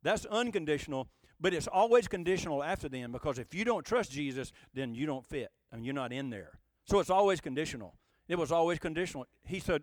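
A man's voice: on the high side, expressive, quick pace, few pauses, no echo. A male pastor preaching a conversational, folksy sermon, asking the congregation rhetorical questions. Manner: folksy, emphatic.

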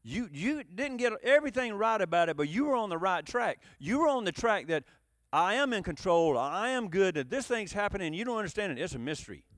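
Male preacher, sermon, high voice, very lively pitch, emphatic then quiet. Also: brisk, no echo, studio quality. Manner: animated, swings between loud emphatic and low quiet asides.

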